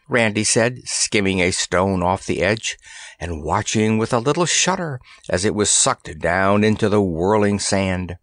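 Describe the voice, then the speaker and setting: A man narrating a children's fantasy story in an expressive, animated storytelling manner. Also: on the low side, a little slow, no room sound, studio quality. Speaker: audiobook narrator.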